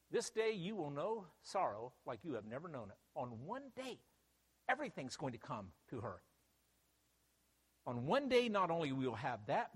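A man delivers a sermon with a high, animated voice that climbs and drops as he stresses his points. He keeps throwing rhetorical questions at the listeners. His voice carries a long reverb from a large hall. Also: husky. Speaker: preacher.

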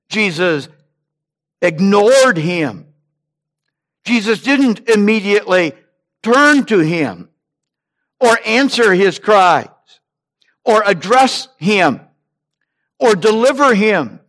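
A man preaching a sermon, slow and deliberate, rising in emphasis on repeated phrases. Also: sits high, fairly bright tone.

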